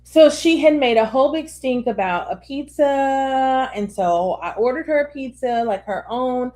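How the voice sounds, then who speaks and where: Woman podcast co-host, thirties, slightly high voice, lively storyteller. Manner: animated storyteller, acts out scenes with laughter. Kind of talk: casual chat.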